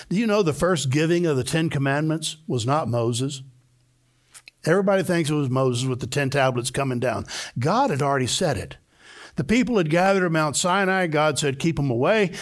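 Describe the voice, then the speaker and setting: A male pastor preaching a sermon to a live congregation, telling the story emphatically and acting out the voices of the people in it. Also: a little high. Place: church before a live congregation.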